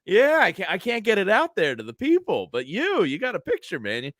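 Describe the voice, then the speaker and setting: A man's voice: high voice, huge pitch swings, fairly quick, fairly bright tone, no echo, clean studio sound. A man in his thirties joining as a guest on a casual sports chat, easygoing and jokey, laughing along. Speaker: guest, radio host.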